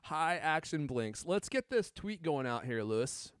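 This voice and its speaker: A man's voice: a little high, big pitch swings, measured pace, clear, resonant tone, no room sound. A man hosting a live-streamed podcast in a casual, joking way, teasing his co-hosts and reading out viewer comments. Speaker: podcast host.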